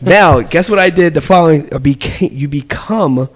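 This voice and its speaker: A man's voice: on the high side, lively intonation, a little fast, few pauses. A man on a podcast casually telling a childhood story, acting out the quoted voices and laughing often. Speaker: podcast host.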